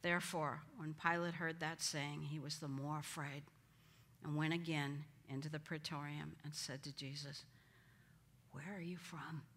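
A woman's voice: low-pitched, little pitch movement, normal speed, fairly bright tone. A woman teaching a Bible study, acting out the quoted lines with dramatic emphasis. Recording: hall reverb.

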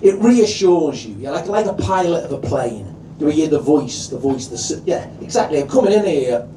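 A Liverpool man runs a stand-up comedy night, talking loud and animated and swearing freely. His voice sits high and moves a lot. He is picked up from a distance in an echoey venue. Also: normal speed, slight background noise.

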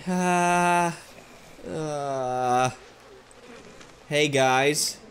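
A man's voice: a little high, drawn-out words, slight background noise. A man giving sarcastic, joking commentary while playing a horror game, talking back to the characters and yelping and swearing when startled. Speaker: gaming video host. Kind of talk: let's play commentary.

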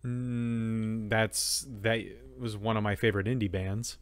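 A man's voice: on the low side, steady tone, a little slow, clear, resonant tone, no echo. A man co-hosting a podcast in casual chat, joking and rambling with plenty of fillers and restarts. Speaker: podcast co-host.

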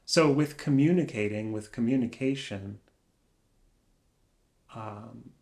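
A man sits alone in a room and muses aloud in an unhurried, reflective vlog. His speech is slow and halting, full of searching pauses and phrases that fade off quietly. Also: mid-range voice. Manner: soft-spoken, trailing off quietly. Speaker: vlogger.

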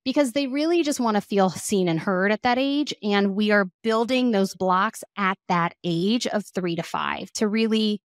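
A woman speaks as a guest expert on children's emotions, sounding like a mother of two. She talks in an animated, conversational way, filling gaps with "like". Her voice sits in a middle register, recorded close and dry. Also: mid-range voice, normal speed, few pauses, dry recording. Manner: animated, acts out quoted voices, frequent "like". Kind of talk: conversational podcast interview.

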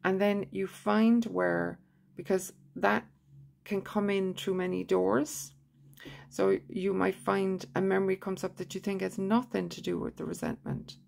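A woman teaching a tapping technique, leading slow, repetitive guided affirmations in a soft voice. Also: mid-range voice, steady tone, a little hiss or hum. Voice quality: gravelly, husky voice.

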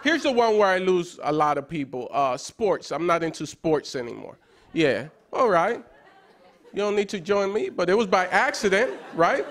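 A man in his thirties doing self-deprecating stand-up comedy on a TV stage, with a wry, joking manner and bursts of excited yelling. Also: high voice, normal speed. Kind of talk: stand-up set on late-night TV. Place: TV studio stage before a live audience. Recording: broadcast studio with loud crowd noise. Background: audience laughter and applause.

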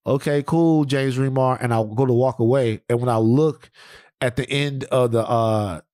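Profane, rambling podcast host. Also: male voice, medium pitch, fairly even intonation, normal speed, a little mellow, dry recording, studio quality. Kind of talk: casual podcast chat.

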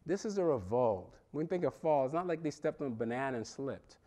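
A man preaching a sermon in a seminary chapel, animated, with wide swings from loud and high to low and hushed. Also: a little fast. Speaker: pastor.

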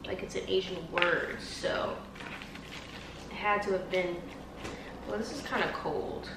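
A woman's voice: on the low side, steady tone, unhurried, gravelly, recorded from a distance, background noise. Chatty young woman, casual home vlog, roomy off-mic phone audio. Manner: chatty, bubbly, talks straight to viewers. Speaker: vlogger. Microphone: phone on tripod.

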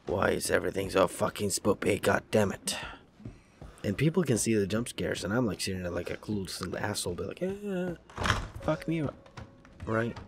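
A young man with a sick, raspy voice, cursing and reacting jumpily while playing a horror game. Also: low-pitched, brisk, noisy background. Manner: profane, jumpy, talks to himself. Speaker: gaming let's-player.

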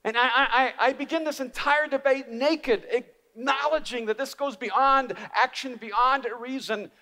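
A man preaching a sermon as an animated, humorous storyteller. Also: very high-pitched, a little slow. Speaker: speaker. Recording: reverberant live hall.

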